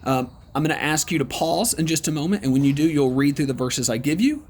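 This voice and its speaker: A man leading an online Bible study lesson in a conversational, encouraging way, with frequent ums and pauses. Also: on the high side, expressive, a little mellow, slightly rough.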